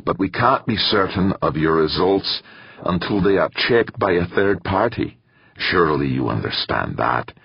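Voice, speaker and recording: A stern older professor voiced by a man, formal and measured, pressing each point with pointed questions. The voice is low and husky, with lively rises and falls, heard in a dull, dry audiobook recording. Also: dry recording, exaggerated voice. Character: stern older male professor chairing a meeting.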